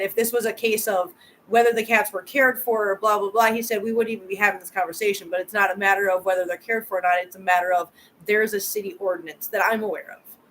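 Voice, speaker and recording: A woman hosts a casual live chat and answers her viewers' comments one after another. Her voice sits at a middling pitch, and she often doubles her words as she talks. A faint hiss of room noise stays under her voice. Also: fairly bright tone, low-quality recording. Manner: chatty, repeats words, answers comments directly. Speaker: channel host.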